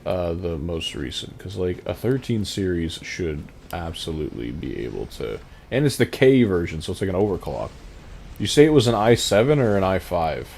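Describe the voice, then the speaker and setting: A man with a fairly low, mellow voice chats casually while streaming a game. He rambles loosely, reading and answering his chat aloud with quick chuckles. A faint hum of noise sits under his voice. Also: very animated, vocal fry.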